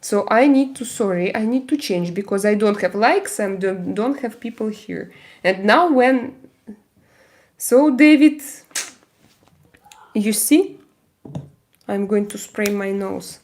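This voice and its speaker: A woman with a Russian accent, hosting a casual live stream and answering viewer comments. She talks haltingly, with many fillers and frequent laughs. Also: mid-range voice, expressive, a little mellow, slight background noise.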